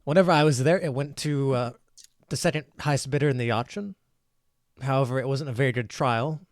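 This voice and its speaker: A world-weary male prisoner who speaks in a measured, cautionary way, as a man puts him on. It stays close to an everyday voice in a mid register. The recording is dry and close. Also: mid-range voice, no room sound, close to an everyday voice. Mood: grim. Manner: measured, warning, matter-of-fact.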